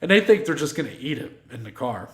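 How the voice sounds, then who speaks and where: Profane, animated man telling a story. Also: medium pitch, fast, reverberant. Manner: animated storyteller, swears freely, acts out quotes. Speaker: podcast co-host. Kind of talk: casual storytelling chat.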